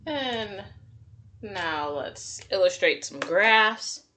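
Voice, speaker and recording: Woman, kindergarten teacher, unhurried, encouraging, narrating as she draws. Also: medium pitch, animated, a little hiss or hum. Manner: gentle, encouraging, narrates while drawing. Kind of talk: drawing lesson for young children.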